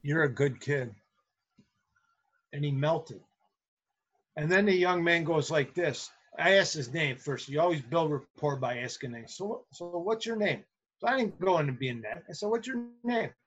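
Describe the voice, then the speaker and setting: A man's voice: on the high side, moderate pace, fairly bright tone, slightly rough. Earnest storytelling man, dull lo-fi sound. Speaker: substitute teacher and guest. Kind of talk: casual storytelling interview.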